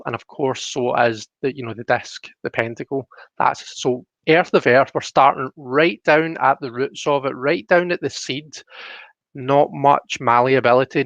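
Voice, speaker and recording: A Scottish man of middle pitch talks through tarot cards on a live stream, friendly and explanatory, often stopping to restart a sentence. The audio is dull and lo-fi, and the dry sound has no room echo. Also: fairly bright tone. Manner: chatty, explanatory, full of "you know" fillers and restarts. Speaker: tarot reader on a livestream.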